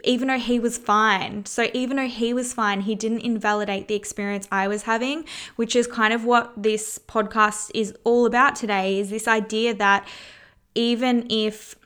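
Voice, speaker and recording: A woman hosting a solo podcast in a loose, chatty way. Her voice is smooth and clear. She talks openly, swears without holding back, and fills her sentences with "like" and "you know.". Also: a little high, fairly even intonation, normal speed, fairly bright tone. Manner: frank and candid, swears freely. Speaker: podcast host. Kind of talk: casual solo podcast talk.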